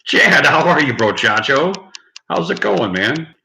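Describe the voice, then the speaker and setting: A man's voice: on the high side, very animated, a little slow, gravelly, pushed and bright. A man hosting a casual late-night live stream who chats with viewers in the comments, rambling, swearing and laughing at his own lines. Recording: echoey room, faint background noise.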